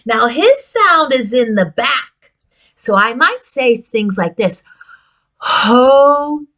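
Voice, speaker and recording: A woman speech therapist teaches children their speech sounds in a sing-song, encouraging way. Her voice is fairly high and swoops widely, and she speaks slowly and deliberately so each sound is easy to follow. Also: very animated, sharp tone. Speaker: speech-language pathologist. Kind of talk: children's speech lesson with puppets.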